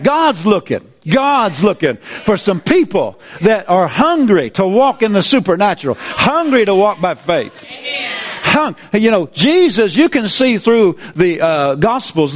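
Animated high-voiced male preacher. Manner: animated, folksy, laughing asides. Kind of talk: sermon.

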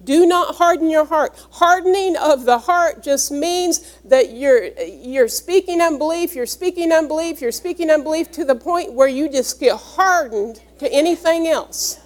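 A woman's voice: high-pitched, unhurried, hardly any pauses. A woman preaching a sermon, reading scripture aloud and earnestly explaining its words to her congregation. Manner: earnest, teaching, explains each word.

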